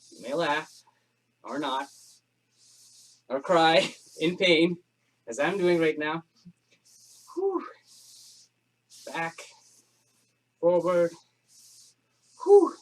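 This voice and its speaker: Male fitness instructor, slightly high voice, slow unhurried delivery, breathless from exercising, chatty and joking through the burn. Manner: chatty, jokes and laughs through the effort. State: panting from exercise. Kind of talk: home workout class instruction.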